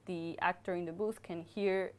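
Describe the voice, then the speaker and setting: Sound designer, woman, lowish voice, hesitant, lots of ums. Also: fairly even intonation, normal speed, a little mellow. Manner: hesitant, many fillers. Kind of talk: panel chat on a livestream.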